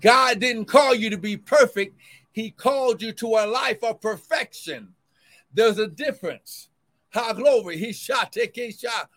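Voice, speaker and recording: A man leads a livestreamed sermon as both pastor and prophet, alternating between shouted cries of glory and quick, quiet asides to the people watching.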